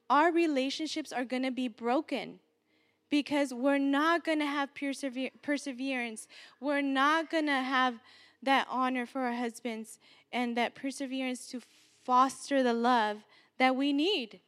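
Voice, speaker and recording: A woman's voice: sits high, in a large hall. A woman preacher giving an earnest, exhorting sermon and repeating key phrases for emphasis.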